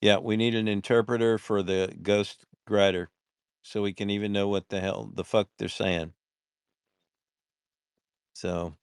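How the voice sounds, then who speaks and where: A man's voice: lowish voice, level tone, unhurried, long pauses, clean tone, no room sound, clean studio sound. A man rambling and joking in a casual voice chat, with lots of filler words.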